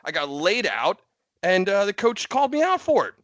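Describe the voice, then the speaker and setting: A man co-hosting a casual sports podcast, telling rambling stories studded with "like." His voice sits high and bright, and the sound is dry and close. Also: sing-song, normal speed, dry recording. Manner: rambling storyteller, many "like" fillers. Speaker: podcast co-host. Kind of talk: casual chat.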